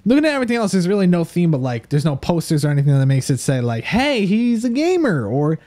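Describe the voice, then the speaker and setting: A young man with a higher, lively voice hosts a relaxed review show. He talks in a playful, easygoing way, his pitch jumping up and down as he scores things. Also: very fast. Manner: animated, playful, laughs often. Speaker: show host. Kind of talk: casual review chat.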